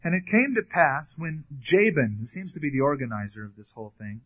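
A man's voice: on the high side, expressive, a little fast, fairly bright tone. A man teaching a sermon verse by verse, reading scripture aloud and then commenting on it in a conversational way, with occasional fillers. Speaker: pastor. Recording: dull lo-fi recording.

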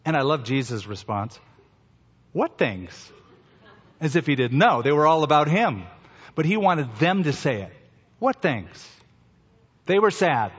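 Male pastor, sermon delivery, slows and softens for key lines; fairly high voice, long hall reverb. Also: lively intonation, breathy edge, lo-fi sound. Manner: slows down for emphasis, drops to a soft low voice at key phrases.

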